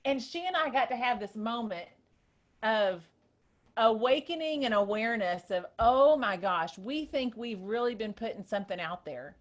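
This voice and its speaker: Excited storytelling woman host. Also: on the high side, moderate pace. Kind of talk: casual chat.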